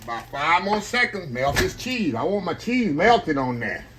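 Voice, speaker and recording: Here a middle-aged cooking vlogger chats folksily with his audience, calling them "y'all" as he cooks in his home kitchen. His voice sits fairly high and swings widely in pitch, at a moderate pace against a noisy background.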